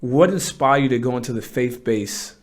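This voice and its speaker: A man's voice: mid-range voice, moderate pace. A man in a mid-range voice hosting an interview. He asks his questions in an easy, conversational way, steering the talk toward what the audience wants to hear. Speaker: interview host.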